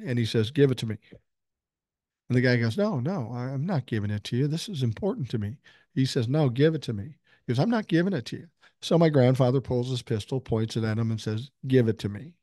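Older male podcast host, mellow dry voice, blunt and profane. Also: medium pitch, dry recording. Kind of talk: casual solo podcast talk.

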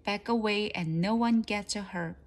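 A woman voicing a boastful, grumpy male guinea pig in a storybook read-aloud, with a gruff grumbling manner. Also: mid-range voice, measured pace, natural voice. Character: tough-talking male guinea pig who wants to be a bad pig.

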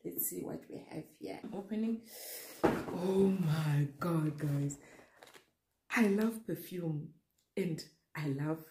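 Young woman vlogger, gushing unboxing chat, unhurried delivery, echoey room. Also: deep voice. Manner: gushing, excited, talks straight to viewers. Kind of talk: casual unboxing vlog. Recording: echoey room with faint noise.

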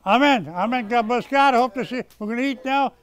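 A man preaching a sermon as pastor, swinging between loud scolding and hushed prayer. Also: very high-pitched, fast talker, clear, resonant tone. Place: rescue mission chapel.

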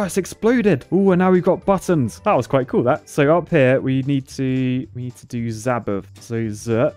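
A young man chatting excitedly as he thinks aloud through a puzzle game. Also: mid-range voice. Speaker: gaming YouTuber. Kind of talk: casual let's-play commentary.

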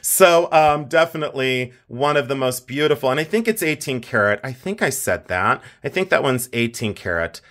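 A man's voice: medium pitch, animated, normal speed, few pauses, fairly bright tone. A man hosting a casual show-and-tell vlog about his jewelry finds, chatty and self-deprecating, laughing often as he talks. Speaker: jewelry collector vlogger.

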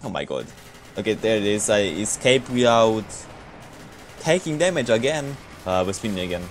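Excitable young man streaming a game. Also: moderate pace, slight background noise. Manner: excitable, swears, voice jumps high when shocked. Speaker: gaming streamer. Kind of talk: casual live game commentary.

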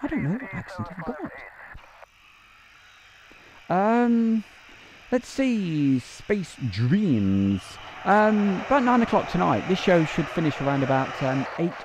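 A man from the north of England hosting a live stream, chatting excitably with lots of fillers and laughs. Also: high voice, takes it slowly, low-quality recording. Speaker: livestream host. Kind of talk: casual live chat reading viewer comments.

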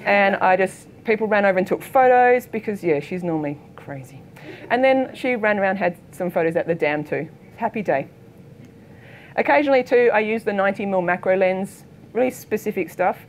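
A middle-aged Australian woman, a photographer giving a keynote talk, telling anecdotes in a lively way and acting out the voices of people in her stories. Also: medium pitch, fairly quick, a little hiss or hum. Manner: lively storytelling, acts out quoted voices. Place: lecture hall.

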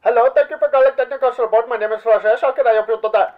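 A man's voice: very high-pitched, steady tone, rapid-fire, narrow, tinny audio, background noise. A man voicing a polite male call-center agent rattling off a scripted greeting.

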